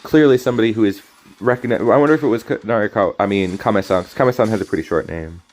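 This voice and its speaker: A man's voice: on the low side, very fast, a little mellow. A man casually commentating his own card game stream, rambling and joking, often cutting himself off and apologizing. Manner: rambling, jokey, self-interrupting, apologetic. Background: faint game music.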